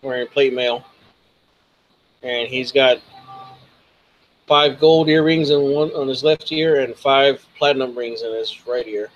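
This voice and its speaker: A man narrates a tabletop game as game master, at an average pitch. His narration is casual and full of swearing and stops and starts. It sounds loose and conversational. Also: steady tone, highs cut off. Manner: casual, profane, halting narration.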